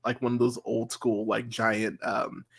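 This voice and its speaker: A man co-hosting a movie podcast, chatting casually and rambling excitedly through film scenes with lots of fillers and laughter. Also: medium pitch, unhurried, creaky, breathy edge. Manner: rambling, animated, laughs a lot, many "like" fillers. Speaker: podcast co-host. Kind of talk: casual film review chat.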